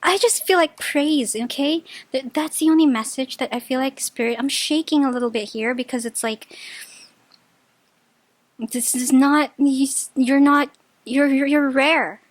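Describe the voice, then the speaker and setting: High-voiced, gushing woman tarot reader. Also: measured pace, no echo. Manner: gushing and excitable, with bursts of high-pitched delight and laughter; chatty, full of filler words and restarts. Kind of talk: casual pick-a-card tarot reading.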